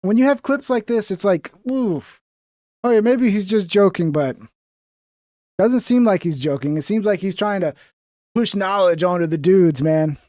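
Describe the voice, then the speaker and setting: Male streamer, higher voice, dry close sound, blunt swearing commentary, casual. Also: moderate pace, darkish tone, dry recording. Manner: blunt, profane, trailing off with bro and dude. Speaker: streamer reacting to clips.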